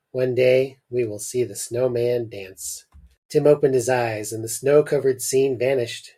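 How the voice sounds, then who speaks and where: A man hosting a podcast, reading a short story aloud with expressive delivery and jokey asides. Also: mid-range voice.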